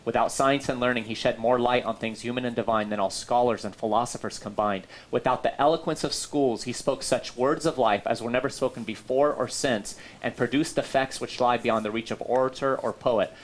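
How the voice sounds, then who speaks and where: A man's voice: mid-range voice, fairly even intonation, fairly quick, few pauses, a little hiss or hum. A man co-hosting a casual talk show, chatty and upbeat with plenty of fillers. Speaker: co-host.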